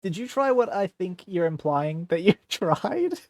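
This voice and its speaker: A man streaming a role-play, talking in a dry, teasing, deadpan way. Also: high-pitched, unhurried, dry recording.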